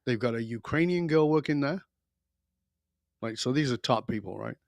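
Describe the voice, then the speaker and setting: A man's voice: medium pitch, animated, normal speed, creaky, dry recording. A man speaking as a podcast guest in a blunt, emphatic way, with casual swearing. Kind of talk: podcast interview.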